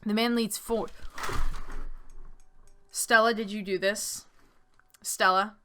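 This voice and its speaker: A woman's voice: medium pitch, fairly even intonation, slow, pushed and bright, faint music behind. A young woman chatting casually while playing a text game and reading its story aloud, laughing easily and using lots of fillers. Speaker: game streamer. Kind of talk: casual let's-play chat and reading aloud.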